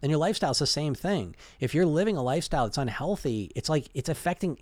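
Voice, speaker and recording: A man's voice: on the high side, animated, quick pace, a little mellow, no echo. Chatty man coaching in a dry room. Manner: conversational, keeps asking "right?" and "you know?"; restarts and repeats words mid-sentence. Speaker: weight-loss coach. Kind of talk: casual motivational talk.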